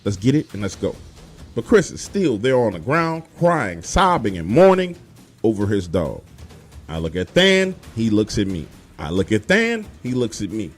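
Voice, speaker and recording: A man tells a true scary story with a lively, swinging voice. He is profane and animated, talking straight to his listener. Faint music plays under him. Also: on the low side, normal speed. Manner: profane, animated street-style telling. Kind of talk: spoken true horror story.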